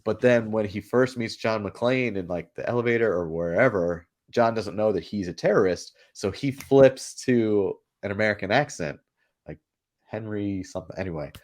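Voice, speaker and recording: A man co-hosting a casual podcast, animated and quick to laugh. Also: on the low side. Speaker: podcast co-host. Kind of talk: casual chat.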